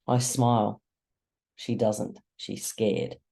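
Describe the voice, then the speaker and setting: A reader narrating a first-person novel chapter slowly, with measured dramatic pauses. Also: medium pitch, creaky, mellow. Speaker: audiobook narrator.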